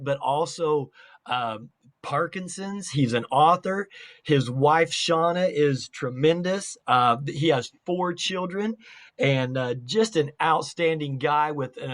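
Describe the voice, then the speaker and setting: An energetic man hosting an interview show, with a fairly high voice for a man. He kicks things off in a hype-style, motivational way and keeps the chat lively. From Salt Lake City area, United States. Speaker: podcast host.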